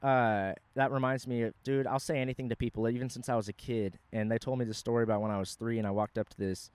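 A man's voice: mid-range voice, level tone, fast, darkish tone, clean tone, no echo. Rambling podcast host man, dry sound. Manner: rambling, laughing, profane. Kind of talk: casual podcast chat. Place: outdoors in a park.

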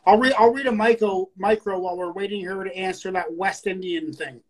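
A man's voice: sits high, a little fast, poor audio. A man in his late thirties co-hosting a poetry show in casual chat, rambling with stammered restarts and plenty of swearing. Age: late 30s.

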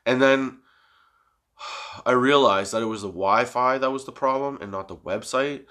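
A man hosting his own podcast, rambling in a casual, profane, self-mocking way after staying up all night high. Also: measured pace, bright, forceful tone. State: sleepless and high. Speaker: podcast host.

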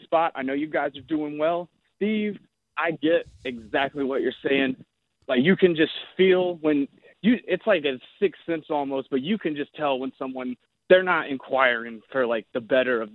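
A man's voice: on the high side, dry recording. A man calling into a radio show, telling a story in a rambling, chatty way full of fillers. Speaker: caller. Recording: tinny phone line.

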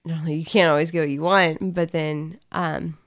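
A woman's voice: low-pitched, fairly even intonation, normal speed. A woman talking candidly in a casual testimony chat, rambling and emotional as she tells her story. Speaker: co-host sharing her story.

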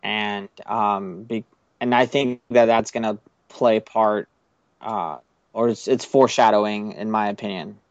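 Low-voiced man rambling through a recap. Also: steady tone, measured pace, no room sound. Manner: rambling, many uh and um fillers. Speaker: podcast host. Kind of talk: casual chat recapping an episode. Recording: slightly muffled, dry recording.

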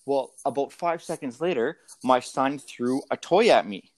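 A man's voice: medium pitch, a little slow, dry recording. A man in his thirties, a father talking in a casual interview, hesitant and full of fillers and restarts.

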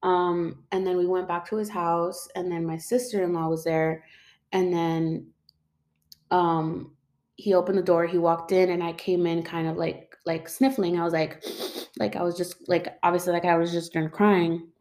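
A woman's voice: lowish voice, level tone, normal speed, a little mellow. A young woman telling a personal story in a loose, rambling way, full of fillers like "like" and "um" and casual swearing.

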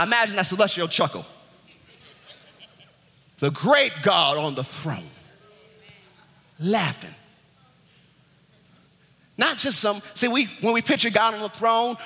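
Male pastor, high bright voice, exuberant, shouts and laughs, preaching in an echoing sanctuary. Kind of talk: sermon. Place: church sanctuary.

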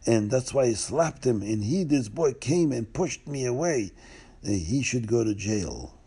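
A man voicing a cruel, half-drunk male officer who talks in a gruff, accusing way, with a gravelly, husky voice. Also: mid-range voice, lively intonation, unhurried, warm tone.

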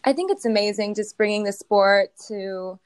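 A woman's voice: mid-range voice, normal speed, smooth, no room sound. Giggly young woman. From United States. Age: young adult. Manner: hesitant, many fillers and giggles. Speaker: guest, show jumping rider. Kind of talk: casual interview answers.

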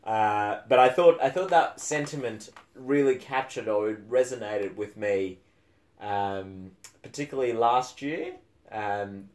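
A man's voice: lowish voice, unhurried, a little mellow. A man co-hosting a casual book podcast, talking with frequent fillers and restarts and a dry, sarcastic edge. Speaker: podcast co-host.

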